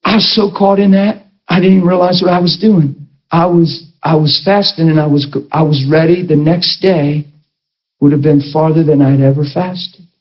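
A man preaching and telling a personal story to a school class, animated and laughing, on a dull lo-fi recording. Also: normal speed. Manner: animated, laughing, swings between high and low voice. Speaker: pastor teaching a ministry school.

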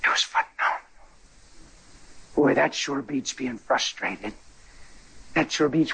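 A male preacher telling a story in a sermon, excitable, jumping between loud high bursts and low quiet asides. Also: slow pace, vocal fry, long pauses, husky. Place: church.

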